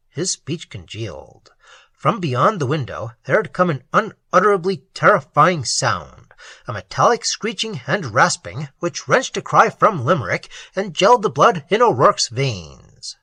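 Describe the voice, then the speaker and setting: Husky, expressive male story narrator. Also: fairly high pitch, unhurried, no room sound. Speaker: audiobook reader. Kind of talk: audiobook narration.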